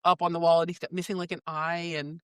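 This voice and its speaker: A woman's voice: on the low side, flat delivery, fast, clear, resonant tone, no room sound. A woman chatting on a book club podcast, reading her own notes and book quotes aloud with frequent laughter. Her voice is close and dry, with no room sound. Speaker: podcast co-host. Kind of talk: casual book club chat.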